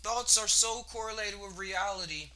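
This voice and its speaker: High, bright-voiced man musing casually. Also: moderate pace. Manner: rambling, laid-back, slangy, laughs between thoughts. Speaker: podcast host. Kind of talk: casual solo monologue.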